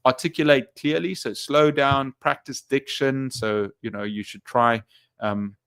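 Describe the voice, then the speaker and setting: A man's voice: mid-range voice, fairly even intonation, unhurried, fairly bright tone, smooth, dry recording, studio quality. Chatty man reading viewer comments. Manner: rambling, many fillers and restarts, reads viewer comments aloud. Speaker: English teacher streaming live. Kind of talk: casual live-stream chat.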